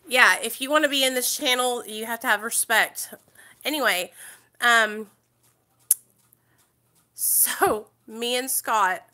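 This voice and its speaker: Bright, chatty woman streaming live. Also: medium pitch. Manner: chatty, animated, talks to chat viewers. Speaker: livestream host. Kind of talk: casual livestream storytelling.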